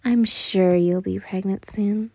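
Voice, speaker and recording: A woman's voice: mid-range voice, fairly even intonation, slow pace, darkish tone, no echo. Zenitsu, a woman voicing an obsessive young man. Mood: whispering, clingy. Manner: unhinged laughter and clingy whispering. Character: obsessive, possessive young man, manic then tender. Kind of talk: fan fiction voice acting.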